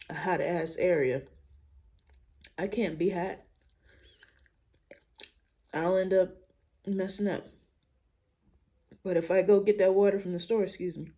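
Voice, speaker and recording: A young woman vlogging in a relaxed, unhurried way, thinking out loud and speaking frankly in casual slang. Her voice is warm and dark-toned and sits fairly low, and she lets her sentences drift at an easy pace. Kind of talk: casual personal vlog talk.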